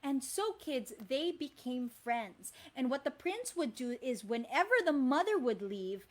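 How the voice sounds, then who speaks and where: A Filipino woman storyteller performs a classic fairy tale for children, often turning to ask them questions. Her voice sits very high and swoops with lively rises and falls. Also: unhurried. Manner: animated, addresses the kids often. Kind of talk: live storytelling for kids.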